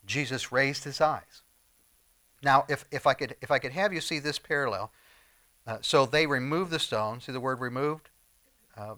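A man preaching a sermon, swinging between loud emphatic lines and soft, low asides.

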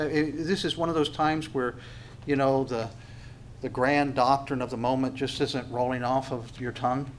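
A man preaching a sermon in an earnest, halting way, stumbling over restarts and then pushing hard on key phrases. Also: fairly high pitch, a little hiss or hum. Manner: earnest, halting, with many restarts and sudden bursts of emphasis. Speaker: pastor.

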